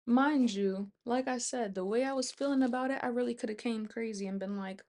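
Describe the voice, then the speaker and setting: A woman's voice: on the high side, moderate pace, few pauses. Casual young woman vlogger venting. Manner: conversational, animated retelling with quoted dialogue. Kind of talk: casual storytime chat.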